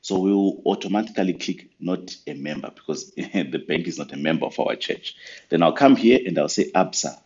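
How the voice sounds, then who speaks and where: A very low-voiced man gives a patient, step-by-step software walkthrough for church accounts. His talk is sprinkled with ums and uhs. The audio is muffled and lo-fi, like a basic screen recording. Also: animated, a little fast. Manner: patient, step-by-step explaining with fillers. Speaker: church finance software trainer.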